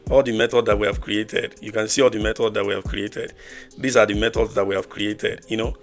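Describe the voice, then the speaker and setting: Male coding tutor, gravelly low voice, halting delivery full of fillers, faint music under it. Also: flat delivery. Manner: halting, repetitive, many fillers and restarts. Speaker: programming tutor. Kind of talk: screen-recorded coding walkthrough.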